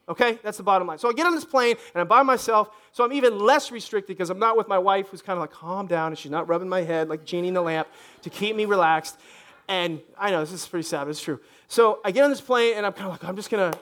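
A pastor preaching a lively sermon, joking and acting out people's voices as he goes. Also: high voice. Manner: animated, joking, acts out congregants' voices. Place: church stage.

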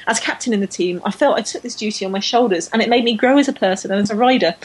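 A woman's voice: mid-range voice, racing, slightly rough, low-quality recording. A woman co-hosting a casual podcast chat, enthusiastic and full of fillers and restarts. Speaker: podcast co-host. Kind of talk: casual chat about women's cycling.

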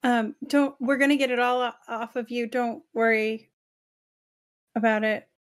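A woman player at a tabletop game speaks in a hesitant, reassuring way. Her voice sits somewhat high for a woman. She falters with small fillers as she talks. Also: steady tone, normal speed, smooth.

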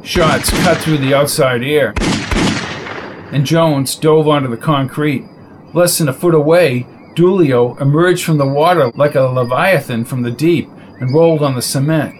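A man reading a crime novel aloud in a steady storytelling voice. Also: fairly high pitch, slight background noise, rough recording. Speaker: narrator. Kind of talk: audiobook reading.

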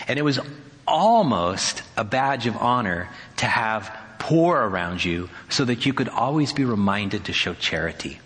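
A male pastor preaching a sermon in a conversational way, asking his listeners questions and acting out the shouts in the story. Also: on the low side. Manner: acts out quoted shouts in a raised voice. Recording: long hall reverb.

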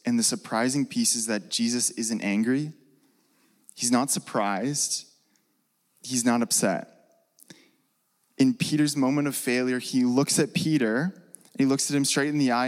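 A man gives a sermon in a loose, chatty manner, often pausing on fillers and restarting his sentences. His voice sits at an ordinary middle pitch. The sound carries a long reverb from a hall. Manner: casual, conversational, with many fillers. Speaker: preacher.

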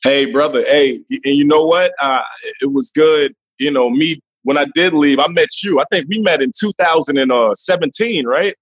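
A husky, slightly high male voice, animated and quick to laugh as he rattles through stories with plenty of restarts. He is on a remote call, and the audio sounds dull and lo-fi, dry with no room sound. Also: dry recording. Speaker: guest comedian. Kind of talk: casual interview chat.

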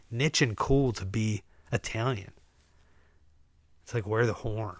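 A man in his young adult years talks through a casual solo podcast in a sarcastic, ranting way, chuckling at his own gripes. His voice sits at a middle pitch. The sound is dry and close, with no room around it. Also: no room sound. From United States. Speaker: podcast host.

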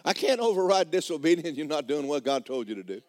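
A male preacher with a drawl delivers a folksy, blunt sermon. His fairly high voice swoops up and down with animated energy. The sound is close and dry, with little room around it. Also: fast talker, no room sound. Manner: folksy, blunt, rising to fervent shouts. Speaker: pastor. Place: church sanctuary.

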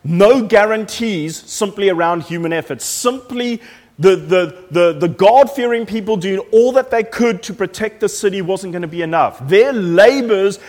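A pastor preaching a sermon with animated, emphatic storytelling and frequent repetition. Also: male voice, high voice, normal speed. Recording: echoey hall.

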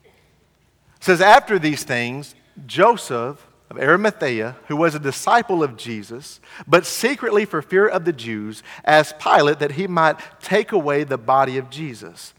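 Bright high-voiced preacher in a reverberant hall. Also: male voice, animated, unhurried. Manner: earnest, repeats phrases, voices the Pharisees mockingly. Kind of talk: sermon.

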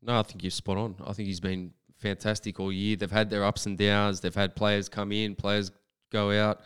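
A man co-hosting sports talk radio as a football pundit, giving measured analysis with "um" fillers and restarts. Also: lowish voice, flat delivery, a bit bright, clean tone.

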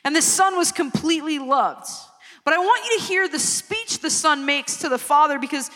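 High-voiced woman preaching in a reverberant hall. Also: lively intonation, a bit bright. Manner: earnest, pleading, stretches key words slowly. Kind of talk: evangelistic sermon.

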